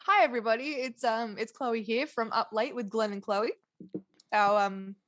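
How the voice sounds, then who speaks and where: A woman co-hosting a chatty podcast, with a voice a little high for a woman. She is playful and giggly, teasing her co-host. The recording is dry and close, with no room echo. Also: normal speed, a bit bright. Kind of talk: casual chat.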